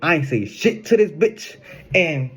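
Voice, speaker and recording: A young man telling a casual storytime in an animated, slangy way, laughing often. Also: fairly high pitch, a little slow, breathy edge. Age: young adult. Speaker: vlogger.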